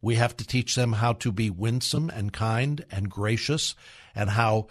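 With a lowish voice and measured delivery, a middle-aged radio host makes an earnest plea to parents, repeating himself and acting out the voices he quotes.

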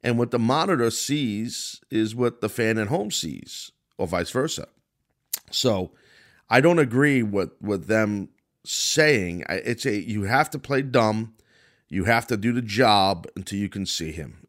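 A man's voice: lowish voice, measured pace. A middle-aged man with a New York accent, hosting a wrestling podcast and giving blunt, rambling commentary full of restarts. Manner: blunt, rambling, self-correcting. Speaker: podcast host and former wrestling announcer. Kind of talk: casual commentary monologue.

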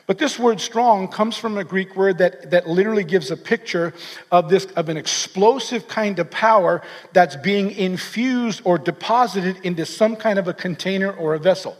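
High-voiced man preaching in an echoing hall. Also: normal speed. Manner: earnest, energetic preaching with frequent restarts. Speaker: pastor. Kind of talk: sermon.

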